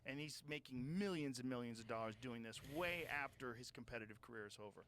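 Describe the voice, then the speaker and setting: A man's voice: medium pitch, expressive, fast talker, a bit bright, a little hiss or hum. A man talking animatedly and profanely as a podcast host in casual chat.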